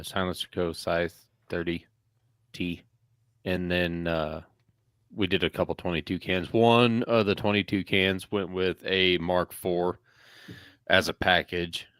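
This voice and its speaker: Low-voiced, matter-of-fact podcast man. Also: fairly bright tone, clear, resonant tone, no echo, clean studio sound. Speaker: podcast co-host. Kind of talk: casual podcast chat.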